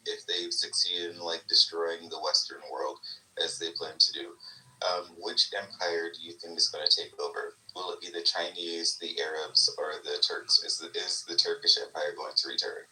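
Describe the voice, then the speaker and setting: A man's voice: deep voice, sharp tone, roomy sound, far from the mic, rough recording. A man on a voice chat asking a question hesitantly, with many fillers. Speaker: participant in a live voice chat.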